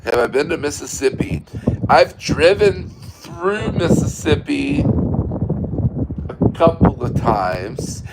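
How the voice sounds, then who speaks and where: A man's voice: a little high, big pitch swings, slow pace, vocal fry. Rambling American man on a windy porch. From United States. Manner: rambling, answers viewer comments aloud. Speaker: livestream host. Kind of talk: casual late-night livestream chat. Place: outdoors on a windy porch at night. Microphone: phone. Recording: loud wind noise on a phone mic.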